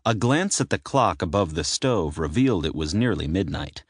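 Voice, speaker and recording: A man narrating a dark romance audiobook in a measured, dramatic reading. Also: sits low, lively intonation, breathy edge, dry recording, studio quality. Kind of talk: scripted narration.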